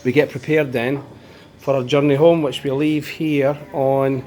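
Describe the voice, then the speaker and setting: A man leading a group trip, talking casually to camera at an outdoor campsite, halting with fillers and restarts. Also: mid-range voice, flat delivery, a little mellow. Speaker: expedition leader of a veterans' charity trip. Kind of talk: casual vlog narration to camera.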